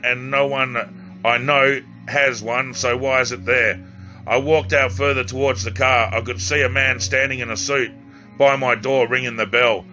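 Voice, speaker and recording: A man's voice: medium pitch, sharp tone, dull audio. A man reading his own novel aloud as an amateur audiobook, stumbling and restarting lines now and then. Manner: halting reading with restarts and slips.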